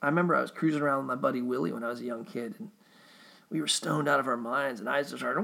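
A man's voice: on the high side, brisk, gravelly, fairly bright tone. A man talking in a rambling, casual monologue, swearing freely and often restarting his sentences. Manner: rambling and profane, with frequent restarts.

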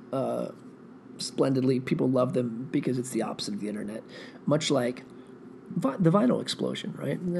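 A man's voice: medium pitch, gravelly, slight background noise. A man rambling through a profane, meandering solo monologue, thinking aloud as a podcast host.

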